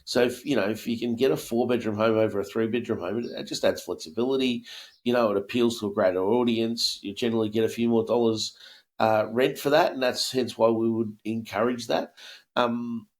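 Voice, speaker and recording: An Australian co-host with a cold, sounding croaky and nasal, talking in a laid-back, matey way. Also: male voice, medium pitch, steady tone, fairly quick. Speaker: podcast co-host. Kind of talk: casual conversational podcast.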